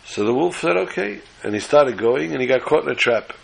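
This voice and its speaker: A man teaching scripture in an emphatic, lecturing sermon style. His voice is gravelly and somewhat husky, with a mid-range pitch. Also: a little fast, poor audio. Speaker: religious teacher.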